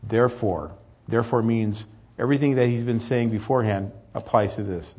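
A man's voice: fairly low pitch, fairly quick, a little mellow. A middle-aged man preaching a sermon as pastor, earnest and rising to emphatic peaks.

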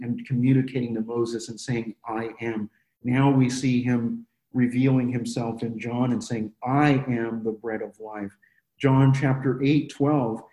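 Male Bible study leader, earnest and halting, soft dark tone, roomy sound. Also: medium pitch. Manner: earnest, stops and restarts often while explaining. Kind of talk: conversational Bible teaching. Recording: roomy echo.

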